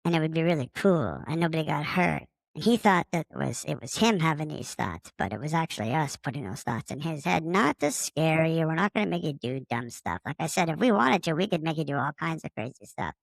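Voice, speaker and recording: Playing an immature but friendly male alien inhabiting a podcaster's body, a man rambles through a chatty improvised monologue full of swearing. His voice is a little high with vocal fry and lively intonation, fairly quick, and dryly recorded.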